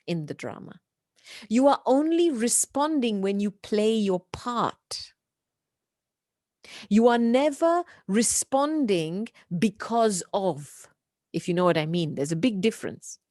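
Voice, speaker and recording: A woman from the UK giving a spiritual class over a video call, telling stories gently and dropping into soft whispered asides. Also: fairly high pitch, no room sound, clean studio sound. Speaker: spiritual teacher.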